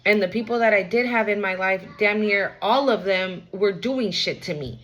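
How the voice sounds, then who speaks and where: Casting: young woman, casual card reader, blunt, loose slang, middle pitch. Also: normal speed, a bit bright, rough recording. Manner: frank, repetitive, streetwise slang. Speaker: tarot reader. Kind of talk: casual spiritual reading.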